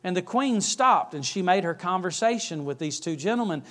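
A man's voice: high voice, expressive, normal speed, a bit bright. A male preacher telling an anecdote in a sermon, correcting himself mid-story.

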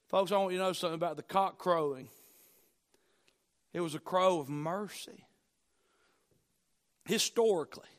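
High-voiced man preaching with swinging intensity. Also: vocal fry. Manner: emphatic preaching, swinging between loud declarations and low, hushed lines; repeats key phrases for effect. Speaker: pastor. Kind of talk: sermon.

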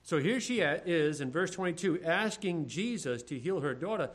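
A man's voice: fairly high pitch, lively intonation, moderate pace. A male pastor preaching a sermon, reading scripture and then acting out the disciples' complaints in everyday speech. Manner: reads scripture in old-fashioned phrasing.

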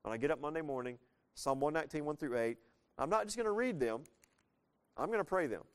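A man's voice: a little high, quick pace, clear, resonant tone. A man preaching a sermon as pastor, talking plainly with his congregation and asking them questions as he goes. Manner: conversational, asks the congregation questions; lively preaching with frequent shifts in loudness.

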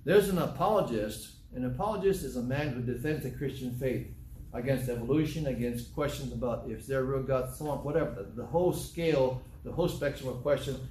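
A man's voice: medium pitch, fairly quick, mellow, slight background noise. Older man preaching in an echoey room. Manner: emphatic preaching, quoting scripture in old English. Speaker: pastor. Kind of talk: sermon. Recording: echoey room from a distance, faint ambience.

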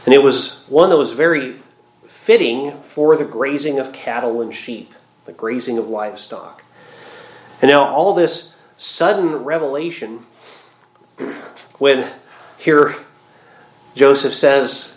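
A man's voice: medium pitch, takes it slowly, long pauses. A man giving a Bible study lecture, explaining the text thoughtfully with reflective asides. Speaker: Bible teacher. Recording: roomy echo.

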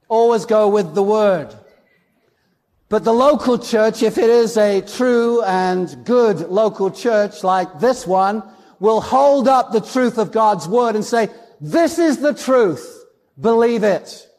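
A male pastor delivers a sermon in a high, gravelly voice, driving his points home by repeating them. His words ring out with a long reverb from a church hall. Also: slow pace, darkish tone. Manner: emphatic, repeats words for stress. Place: church sanctuary.

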